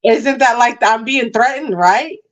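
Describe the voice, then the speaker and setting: A woman's voice: fairly high pitch, a little slow. A woman on a livestream delivering a profane, fiery, trash-talking rant at critics. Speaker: livestream guest. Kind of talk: angry confrontational rant. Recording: dull lo-fi stream audio.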